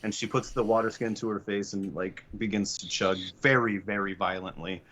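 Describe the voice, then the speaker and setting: A man's voice: on the low side, fairly even intonation, moderate pace, pushed and bright. A man narrating a tabletop game as game master, rambling with many fillers and restarts.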